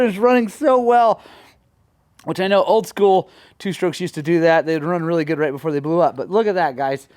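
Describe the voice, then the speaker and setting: A man talking casually to the camera in his garage workshop, excitable and quick to swing between frustration and joy while working on a bike. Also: sits high. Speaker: motorcycle vlogger.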